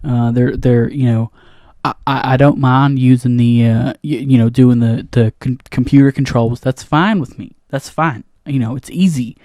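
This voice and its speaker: A man's voice: medium pitch, fairly even intonation, normal speed, warm tone, dry recording. A man hosting a comedy podcast, ranting in a flustered, rambling monologue full of restarts, recorded in a studio booth on a studio microphone. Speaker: comedy podcast host playing a janitor.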